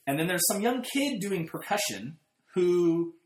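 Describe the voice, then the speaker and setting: This podcast co-host tells a story with a lively, swooping voice and a sarcastic edge. The talk is casual and animated. The sound carries a noticeable room echo. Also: mid-range voice, unhurried. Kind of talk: casual chat. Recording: roomy echoey room.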